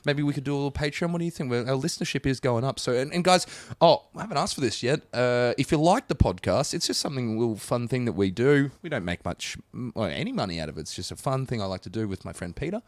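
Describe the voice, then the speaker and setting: An Australian man co-hosting a podcast, talking loosely with crude, jokey banter. His pitch swings around a lot as he talks. The sound is dry and close to the mic. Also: animated, fast talker, dry recording. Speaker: podcast co-host. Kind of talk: casual chat.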